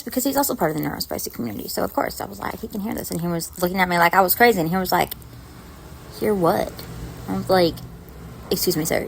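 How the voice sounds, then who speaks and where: A young adult woman telling a story to camera in a casual vlog, animated and acting out the dialogue. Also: mid-range voice, creaky, a little hiss or hum. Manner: animated, acts out both sides of dialogue. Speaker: vlogger.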